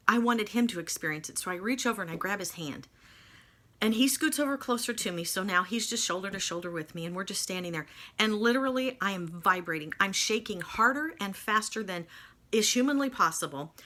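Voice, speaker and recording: A woman telling a personal faith testimony, emotional and animated, with folksy asides. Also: mid-range voice. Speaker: speaker sharing faith testimony.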